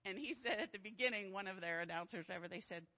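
A woman's voice: medium pitch, very fast, dull audio. Bubbly woman giving church announcements. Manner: bubbly, enthusiastic, laughs often. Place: church sanctuary.

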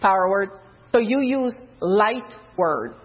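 A woman preaching an informal sermon, loose and conversational, with many fillers, who jumps higher in pitch when she quotes someone. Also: expressive, slow pace, husky. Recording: dull lo-fi recording.

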